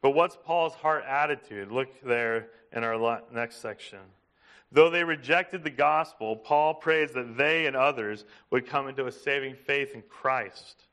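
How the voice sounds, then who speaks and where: A man preaching a sermon, emphatic, asking his listeners questions and slowing down to stress a point. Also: mid-range voice, fairly bright tone. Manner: emphatic, asks the congregation questions. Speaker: pastor.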